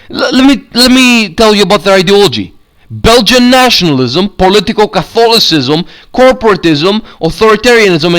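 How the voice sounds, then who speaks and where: A man's voice: a little high, fairly bright tone. A man delivering a heated, argumentative video rant, swearing and reading passages aloud with frequent stumbles and restarts. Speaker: YouTube commentator.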